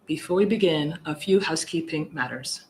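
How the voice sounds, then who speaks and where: A woman commissioner presiding over a hearing, reading out procedure in a formal, measured and firm way. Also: low voice, a little mellow, a little hiss or hum, low-quality recording.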